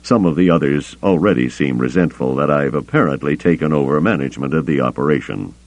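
A man as a measured, low-voiced smuggler leader. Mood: calm. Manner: measured, deliberate.

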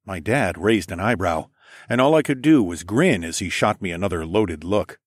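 Low-voiced man narrating a story. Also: lively intonation, moderate pace, no room sound, clean studio sound. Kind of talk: first-person story narration.

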